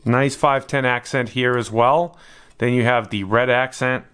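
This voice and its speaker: A man's voice: mid-range voice, steady tone, a little slow, fairly bright tone, clean tone. Laid-back man reviewing gear. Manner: laid-back, matter-of-fact, plain-spoken. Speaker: product reviewer. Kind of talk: casual product review narration.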